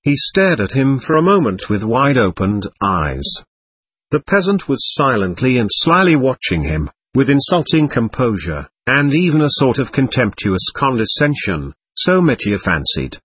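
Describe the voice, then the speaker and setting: A man narrating a classic novel as an audiobook, reading expressively and at a measured pace. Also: medium pitch, very animated, fairly bright tone, breathy edge. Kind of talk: scripted narration.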